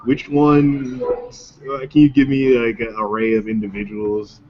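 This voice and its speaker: Urgent player declaring actions. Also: male voice, mid-range voice, monotone, measured pace, crowd noise. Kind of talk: playing a tabletop game. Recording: dull lo-fi recording, faint noise.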